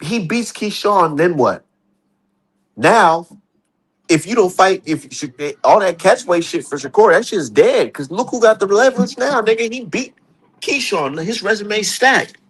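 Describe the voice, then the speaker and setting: A man's voice: high-pitched, expressive, measured pace, slightly rough. A man hosting a casual boxing talk stream, emphatic and profane, voice jumping up when he gets heated. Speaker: streamer host.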